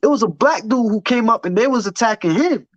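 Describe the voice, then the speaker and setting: A man's voice: very high-pitched, lively intonation, a little fast, no room sound. A man telling his story in casual chat, blunt, profane and heated. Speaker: podcast guest. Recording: dull, dry lo-fi sound.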